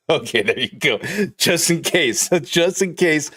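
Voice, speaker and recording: Male streamer, slightly high voice, swears a lot and rambles off topic while joking with chat. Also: expressive, takes it slowly, pushed and bright, breathy edge. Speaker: live streamer. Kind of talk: casual live-stream chat.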